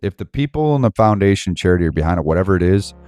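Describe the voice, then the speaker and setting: Man, very low voice, swinging pitch, heated rambling rant, faint music behind. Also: animated, racing, darkish tone, no room sound. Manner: heated, rambling, slangy, laughs to himself. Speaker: Bible study host. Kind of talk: casual ranting commentary.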